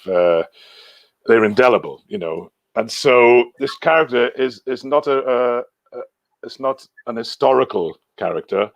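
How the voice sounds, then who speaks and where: A man's voice: fairly low pitch, creaky, no room sound. A middle-aged man with a Welsh accent, chatting as a guest in a casual talk, hesitant with many restarts. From Wales. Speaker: guest, singer and voice actor. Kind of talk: casual chat.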